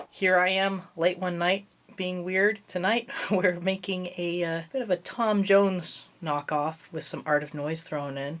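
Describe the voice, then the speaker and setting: A man's voice: high voice, fairly even intonation, measured pace, few pauses, a bit bright. A man talking in a jokey, self-mocking way in a comedic vlog, working as a musician in his home studio. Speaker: musician vlogger.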